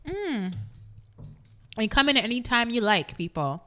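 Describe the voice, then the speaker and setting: A young adult woman co-hosting an internet radio talk show, telling a story in a casual, animated way and acting out the voices of the people in it. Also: a little high. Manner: fast-talking, animated, acts out quoted voices.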